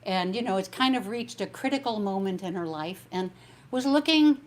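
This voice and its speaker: A woman's voice: medium pitch, animated, normal speed, slight background noise. A woman singer hosting her own concert, chatting casually and a little meanderingly between songs, thanking viewers as she goes. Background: piano music.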